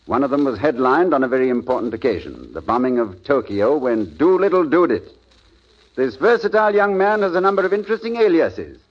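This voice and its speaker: A male radio announcer giving a formal introduction with a smooth, building delivery. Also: mid-range voice, very animated, a little fast. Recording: dull, lo-fi old radio broadcast.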